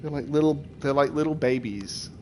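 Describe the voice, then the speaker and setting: A man's voice: on the high side, moderate pace, warm tone, slight background noise. A man streaming live, chatting casually with his viewers, rambling and laughing often. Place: at his computer.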